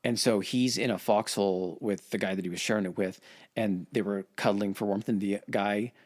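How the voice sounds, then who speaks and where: Casual low-voiced man retelling history. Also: steady tone, moderate pace, darkish tone. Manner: swears, acts out quotes in voices. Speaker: podcast host.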